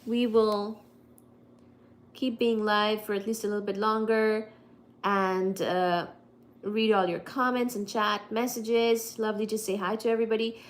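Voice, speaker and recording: A woman's voice: medium pitch, steady tone, measured pace. A woman from India with an Indian accent, hosting a casual livestream and chatting with viewers as she answers their comments. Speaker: livestream host.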